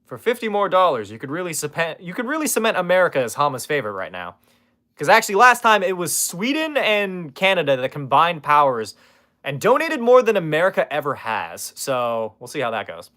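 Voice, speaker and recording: Guy streaming from his room, snarky and swearing a lot, kinda high voice that jumps all over. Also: sing-song, brisk, sharp tone. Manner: sarcastic, roasting viewers, swears freely. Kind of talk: casual live-stream chat.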